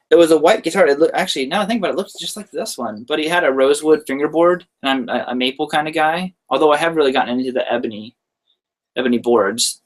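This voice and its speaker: A young man, a guitarist, answering viewer questions in a casual live-stream Q&A. He is chatty and loose, often says "like" and "uh", and laughs lightly mid-sentence. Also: a little high. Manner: laid-back, chatty, loose with frequent "like" and "uh".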